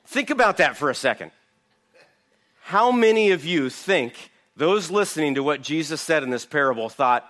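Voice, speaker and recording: Male preacher, slightly high voice, emphatic Bible teaching with rhetorical questions. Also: lively intonation, moderate pace, fairly bright tone. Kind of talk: sermon, verse-by-verse Bible teaching.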